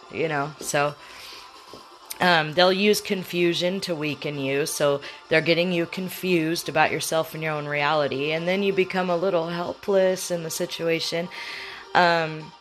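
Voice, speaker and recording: A woman talking straight to the listener, explaining things in a conversational, advising way. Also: low-pitched. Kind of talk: advice talk to the viewer.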